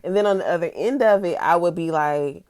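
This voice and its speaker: A woman's voice: lowish voice, brisk. A young woman talking candidly in a personal vlog, reading from her notes and reacting with emphatic outbursts. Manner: candid, emphatic, swinging from musing to excited outbursts. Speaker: vlogger.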